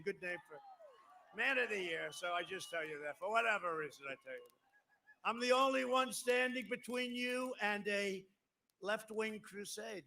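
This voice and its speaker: A man's voice: high-pitched, bright, forceful tone. A man in his seventies giving a rambling, emphatic campaign speech outdoors on a podium microphone, with asides to the crowd. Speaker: politician at a campaign rally. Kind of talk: rally speech. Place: outdoor rally at an airport. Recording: outdoor live broadcast with faint crowd noise.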